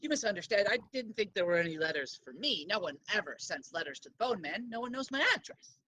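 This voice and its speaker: A woman's voice: mid-range voice, sing-song, fast, background noise, close to an everyday voice. Woman playing a sly tiny thief boss. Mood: wheedling. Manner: wheedling, hesitant, conspiratorial.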